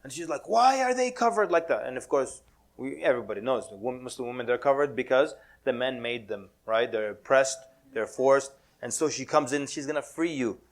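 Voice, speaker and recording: A man giving a lively, joking talk to an audience at a mosque, mixing in Arabic words and acting out quotes. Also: medium pitch, brisk. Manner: animated, playful, drops Arabic words, laughs often. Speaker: Muslim speaker giving a talk.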